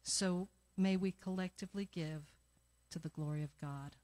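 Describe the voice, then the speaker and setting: A middle-aged woman in a church sanctuary, telling a lively personal story that leads into the offering and acting out the voices of the people in it. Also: fairly low pitch, normal speed. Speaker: church member giving the offering talk.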